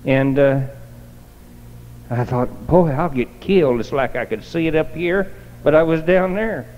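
In a reverberant church hall, captured in dull lo-fi sound, a man gives a homespun testimony as part of a folksy sermon, speaking colloquially like a storyteller. His voice is fairly high and a little slow.

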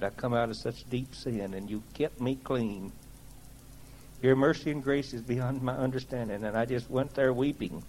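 A man's voice: fairly high pitch, mellow, poor audio. A man giving a personal testimony to a gathering, telling it in a plain-spoken, folksy way with earnest conviction.

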